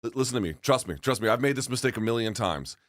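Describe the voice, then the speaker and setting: A man co-hosting a sports talk show in a studio, chatting in an animated, talkative way and cutting in often. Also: mid-range voice, fast, no room sound. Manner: animated, chatty, talks over his co-host. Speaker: podcast co-host.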